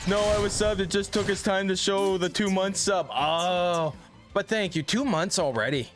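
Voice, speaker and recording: A man's voice: high-pitched, a little slow, over music. A man streaming a video game, out of breath and chatting with his viewers in a loose, casual way as he plays. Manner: chatty, talks to chat between gameplay. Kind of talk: casual livestream chat while gaming.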